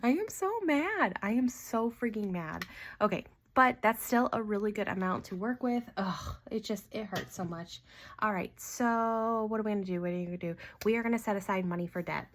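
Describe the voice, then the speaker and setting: A woman hosting a casual budgeting vlog, talking in a chatty, animated way with many ums and quick laughs. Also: mid-range voice. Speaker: budgeting channel host. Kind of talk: casual cash-stuffing vlog.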